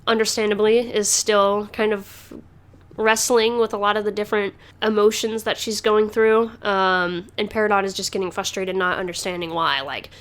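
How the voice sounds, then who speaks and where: A woman's voice: mid-range voice, fairly even intonation, normal speed. Chatty woman podcast host, rambling. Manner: chatty, rambling, many fillers and restarts, laughs often. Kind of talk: casual chat.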